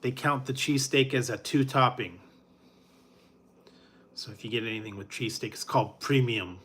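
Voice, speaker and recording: A man's voice: mid-range voice, moderate pace, fairly bright tone. A middle-aged man hosting a casual chat with his live viewers, rambling in a laid-back way with frequent chuckles and fillers. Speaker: food reviewer.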